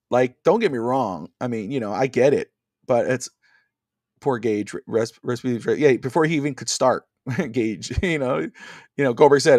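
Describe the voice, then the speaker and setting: A man's voice: medium pitch, moderate pace, a little mellow, dry recording, clean studio sound. A man co-hosting a casual wrestling podcast over a video call, rambling with many fillers and restarts. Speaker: podcast co-host.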